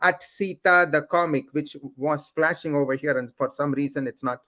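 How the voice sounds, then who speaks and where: A man's voice: fairly high pitch, normal speed, sharp tone. A man with an Indian accent, a comedian guest on a talk show, joking and often repeating words as he talks. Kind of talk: casual talk show interview.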